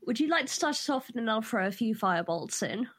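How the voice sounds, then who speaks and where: Woman, tabletop player, brisk, upbeat, lively pitch. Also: husky. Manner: upbeat, brisk, quick to chime in. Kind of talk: tabletop game chat.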